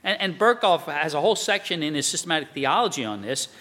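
A man preaching a sermon, talking it through like a conversation and tossing out rhetorical questions. His voice sits a little high and sounds bright and forceful. The sound carries a long reverb from a big hall. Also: expressive, fast, hardly any pauses.

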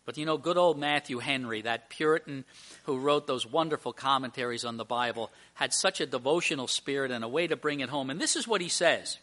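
A man's voice: mid-range voice, brisk, sharp tone. A male pastor preaching a sermon to his church at communion, emphatic and full of rhetorical questions.

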